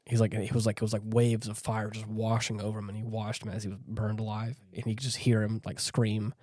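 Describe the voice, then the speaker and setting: In a clean studio recording without echo, a male podcast co-host recaps a horror movie scene by scene, rambling casually with lots of fillers and acting out quotes. His voice is fairly low and darkish, fairly quick, with little pitch movement.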